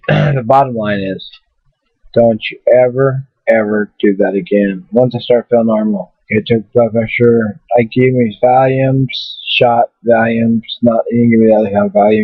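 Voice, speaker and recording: A man's voice: medium pitch, normal speed, dry recording. A man telling a personal story to his webcam in a rambling, blunt way, swearing freely. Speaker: vlogger. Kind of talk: casual storytelling to camera. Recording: tinny phone-like webcam audio.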